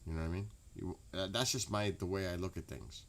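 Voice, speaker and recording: A man's voice: sits low, fairly even intonation, a little fast. A man, chatting casually and profanely to his late-night stream audience. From New York. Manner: rambling, profane, laughs loudly.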